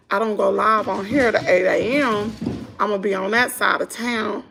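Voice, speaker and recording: A hoarse woman with a Southern US accent, chatting casually with viewers on a live stream. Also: mid-range voice, steady tone, normal speed, background noise. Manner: chatty, talks to viewers as y'all. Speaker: vlogger.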